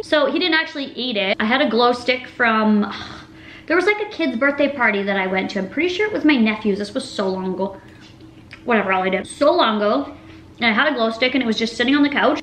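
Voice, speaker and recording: A young woman talks to her camera in a loose, rambling way, her speech full of "like" and "literally". Her voice sits a bit high, and the room around her echoes. A faint hum runs underneath. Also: fairly bright tone. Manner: rambling storytelling, lots of "like" and "literally". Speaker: vlogger. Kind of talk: casual chatty mukbang vlog. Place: home room with a table.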